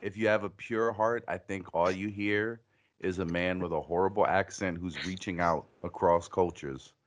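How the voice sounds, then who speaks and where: A man's voice: sits low, steady tone, normal speed. A man co-hosting a podcast, riffing in a mock-earnest way during casual comedic chat. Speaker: podcast co-host.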